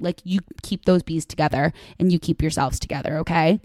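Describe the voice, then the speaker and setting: Dry, low-voiced woman ranting. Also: lively intonation, normal speed, hardly any pauses, darkish tone, no room sound. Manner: gossipy and emphatic, heavy "like" filler, rants with swearing. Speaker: podcast host. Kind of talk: casual solo chat.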